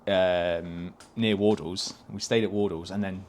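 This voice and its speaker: A man's voice: low-pitched, fairly even intonation, a little slow, a little mellow, slight background noise. A man, a podcast guest telling casual anecdotes, swearing freely and laughing through his stories. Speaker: podcast guest, stock car racing driver.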